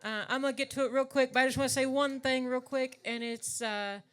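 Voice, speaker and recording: A woman's voice: high voice, fairly even intonation, brisk, clear, resonant tone. Appalachian drag singer woman rambling between songs, says y'all, swears some, stage mic. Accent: Appalachian Southwest Virginia. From Southwest Virginia. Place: live music venue stage.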